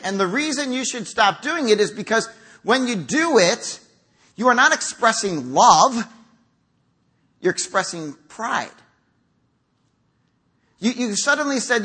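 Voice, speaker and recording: A man's voice: high voice, animated, moderate pace, pushed and bright, slightly rough. A middle-aged man preaching a conversational sermon in a church, acting out quotes as he goes. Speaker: pastor. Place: church sanctuary.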